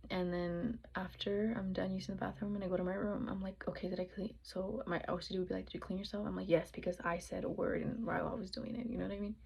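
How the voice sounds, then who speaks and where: A woman's voice: mid-range voice, little pitch movement, quick pace, vocal fry, hardly any pauses, a little mellow, husky, highs cut off. A young woman vlogger telling a personal story in a casual, rambling way, with many fillers and acted-out quotes of her own past thoughts. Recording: noticeable background noise.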